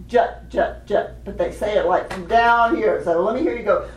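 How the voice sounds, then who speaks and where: A woman leading a hands-on children's music workshop, animated and laughing often as she teaches chanted rhythms. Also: mid-range voice, normal speed. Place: workshop room with participants. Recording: echoey room, voice from a distance.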